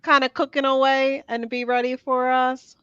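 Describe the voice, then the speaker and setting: A woman's voice: sits high, little pitch movement, normal speed, a bit bright, clear, resonant tone, no echo, dull audio. A woman with a New Jersey accent, a guest on a video call, effusive and laughing often. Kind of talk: casual interview chat.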